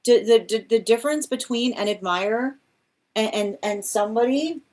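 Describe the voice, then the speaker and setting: A woman's voice: a little high, normal speed, darkish tone. A woman doing a live tarot reading, rambling with many restarts and exasperated asides, laughing often as she mocks. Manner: laughs often while mocking. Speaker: tarot reader.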